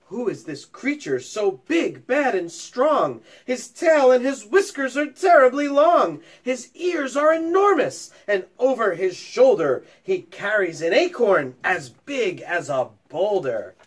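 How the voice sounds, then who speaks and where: A man's voice: high voice, wildly swooping pitch, takes it slowly, a bit bright, breathy edge, pitched above the performer's own voice, exaggerated voice. A man voicing a timid but defiant young girl monster while reading a storybook aloud. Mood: fearful. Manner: wondering, storybook read-aloud.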